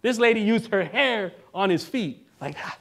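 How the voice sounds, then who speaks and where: A male minister giving a relaxed, conversational sermon, joking now and then and often checking in with the congregation. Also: high-pitched, moderate pace, creaky. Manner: casual and joking, keeps asking the congregation "right?".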